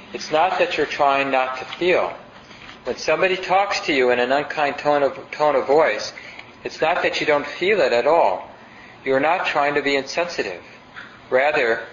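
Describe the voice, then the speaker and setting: A man's voice: mid-range voice, a bit bright, a little hiss or hum. A male meditation teacher giving a conversational dharma talk. He reads passages aloud and asks the audience questions. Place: meditation center hall. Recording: roomy, dull lo-fi sound.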